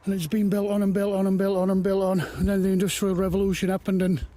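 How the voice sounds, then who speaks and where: Chatty high-voiced man outdoors. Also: completely flat delivery, fast, warm tone, a little hiss or hum. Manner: chatty, rambling, easily amazed; walking uphill, at times a bit out of breath. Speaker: walking vlogger. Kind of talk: casual walk-and-talk narration. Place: outdoors on hilly woodland paths.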